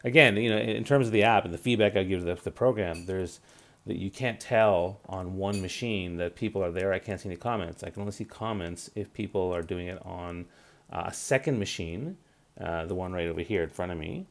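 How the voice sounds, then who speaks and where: A man's voice: low voice, brisk. A man in his forties hosting a live career-advice stream, talking loosely with many fillers and restarts. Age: 40s. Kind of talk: casual live-stream talk.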